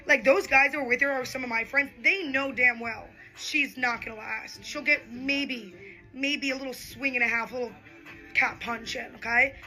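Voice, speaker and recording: A young woman telling a get-ready-with-me storytime about a bar fight, animated and exasperated, acting out the quotes. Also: sits high, moderate pace, faint music behind, low-quality recording.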